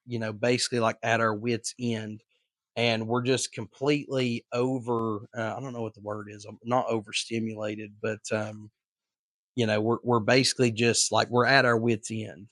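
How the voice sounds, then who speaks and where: A man's voice: medium pitch, no echo, clean studio sound. A man co-hosting a podcast, talking in a casual, earnest way with lots of fillers and restarts. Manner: rambling, filler-heavy, earnest. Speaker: podcast co-host.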